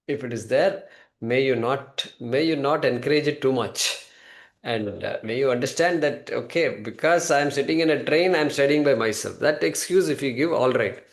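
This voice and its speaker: A man's voice: mid-range voice, creaky. A man teaching a scripture class, explaining patiently and repeating key points for his students.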